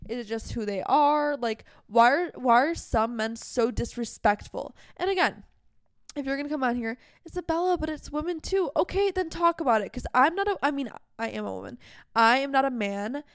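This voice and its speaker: A young woman hosting a podcast rants candidly and heatedly in a casual monologue, fast, emphatic, and full of "like." Her voice is a little high and animated. The recording is dry, with clean studio sound.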